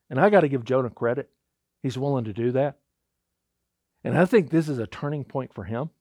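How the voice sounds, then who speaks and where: Animated male preacher, dry sound. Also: a little high, no room sound. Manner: conversational preaching, animated retelling with voiced quotes. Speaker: pastor. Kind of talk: sermon.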